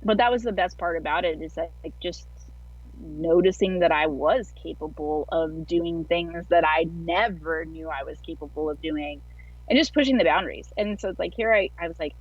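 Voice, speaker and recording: A woman's voice: low voice, moderate pace, slightly rough, no echo. Woman, interview guest, chatty, lots of fillers, dry sound, muffled video-call audio. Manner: chatty, heavy use of filler words. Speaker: guest athlete. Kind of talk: casual storytelling interview. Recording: dull lo-fi online call audio.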